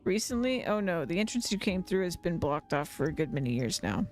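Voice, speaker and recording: A streamer voicing a man in a bear suit who poses as a grandiose mountain god, speaking in slow, menacing pronouncements. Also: medium pitch, sing-song, close to an everyday voice. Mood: confiding. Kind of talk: reading game dialogue aloud on a livestream.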